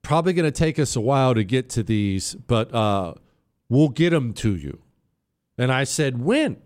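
A man telling a travel story on air, animated and sarcastic, swinging between loud and quiet. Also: mid-range voice, normal speed. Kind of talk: storytelling monologue.

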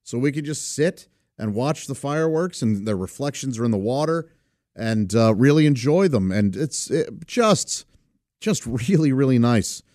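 Animated, chuckling middle-aged man. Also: mid-range voice, no echo, clean studio sound. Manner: halting, full of "uh" fillers, chuckles often. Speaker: vlogger. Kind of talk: casual storytelling.

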